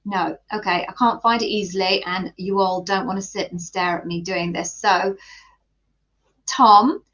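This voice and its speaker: Woman livestream host, interview coach, mid pitch, chatty and self-deprecating, lo-fi audio. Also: steady tone, unhurried, fairly bright tone. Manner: chatty, self-deprecating, reading out viewer names. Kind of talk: live-stream chat greeting viewers.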